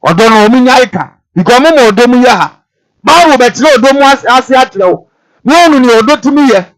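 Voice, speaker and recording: With an extremely high, expressive voice at a moderate pace, a man on a TV talk show repeats Bible verses one by one and explains them. He mixes Twi with English phrases, and the recording quality is low.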